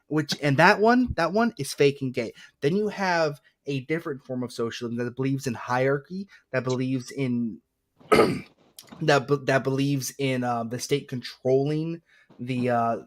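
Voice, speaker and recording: A man hosting an online debate stream, lecturing crudely and with self-assurance. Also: fairly high pitch.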